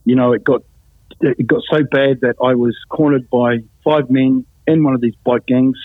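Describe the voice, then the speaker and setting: A man's voice: mid-range voice, fairly even intonation, moderate pace, dry recording. Male guest, blunt plain storyteller; thin phone-quality audio, no room sound. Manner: blunt, matter-of-fact storytelling. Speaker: interview guest. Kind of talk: personal testimony in an interview. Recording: tinny phone-like sound, dry.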